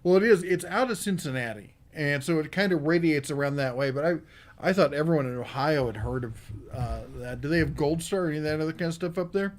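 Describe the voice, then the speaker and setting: A man with a slightly high, fast voice hosts a live podcast about tools. He reads viewer comments aloud and responds in a casual, rambling way with many fillers.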